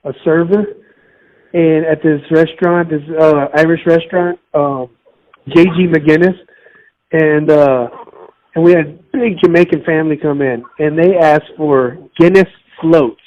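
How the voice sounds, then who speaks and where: A man's voice: a little high, fairly even intonation, measured pace, dull audio. A man from Miami chatting on a podcast, telling stories in a rambling way. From Miami, United States. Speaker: podcast co-host. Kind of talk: casual chat.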